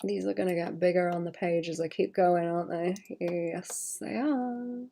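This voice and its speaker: A livestreaming illustrator chats casually with her stream as she draws, coughing slightly. Her voice sits on the low side, gravelly and mellow, with a steady tone and moderate pace. She rambles, talking to chat between bits of drawing.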